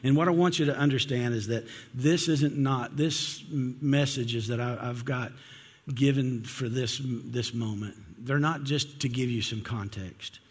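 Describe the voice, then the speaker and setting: Husky-voiced preacher in a reverberant hall. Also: male voice, mid-range voice, a little slow. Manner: energetic storytelling with frequent restarts. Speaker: pastor. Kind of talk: sermon. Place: church sanctuary.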